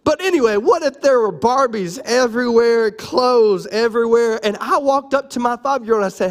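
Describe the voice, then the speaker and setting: A man, preaching a sermon in a joking, conversational way and sounding a little hoarse. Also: very high-pitched, moderate pace, few pauses. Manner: animated, conversational and joking, lively shifts between loud and soft. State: raspy from cough medicine and little sleep. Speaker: pastor.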